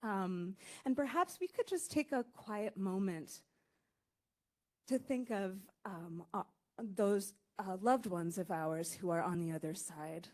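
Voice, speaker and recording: Woman poet reading live, unhurried, halting with fillers, emotional, dry-mouthed. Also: medium pitch, lively intonation, darkish tone. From Salem, Massachusetts. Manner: halting, full of fillers and nervous asides. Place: arts center event stage before an audience.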